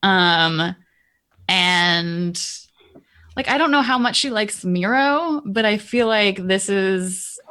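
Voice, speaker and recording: A woman's voice: mid-range voice, animated, takes it slowly, pushed and bright. A woman player describing her character's actions in a tabletop game, rambling with many fillers.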